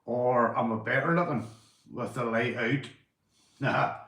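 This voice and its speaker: A Northern Irish man live-streaming from home, chatting casually, swearing and giving shout-outs to his viewers. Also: medium pitch, measured pace, roomy sound. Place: indoors at home.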